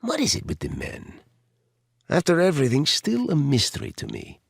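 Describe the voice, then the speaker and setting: A man's voice: a little high, huge pitch swings, normal speed, vocal fry, breathy edge, no room sound, studio quality, pitched above the performer's own voice, heavily acted. A man putting on a teasing woman with a light Eastern European accent. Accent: light Eastern European (acted).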